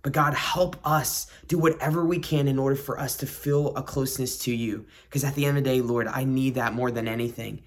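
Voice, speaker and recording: A man's voice: mid-range voice, fairly even intonation, a little fast, hardly any pauses. A man hosting a devotional podcast, praying and reading scripture in a reflective, earnest way and repeating key phrases. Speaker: podcast host.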